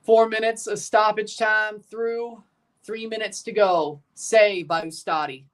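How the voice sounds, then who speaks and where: The voice sits high, with a fairly bright tone, fairly even intonation and an unhurried pace. It's a streamer casually commenting on a live football match, narrating plays as they unfold and responding to viewers before nerves set in near the end.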